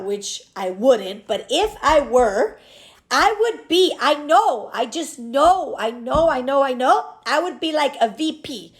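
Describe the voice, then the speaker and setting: A high-pitched woman in her thirties speaks openly in a personal vlog. Her talk is candid and animated, circling back with restarts as she works through her thoughts. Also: normal speed. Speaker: business owner and mother.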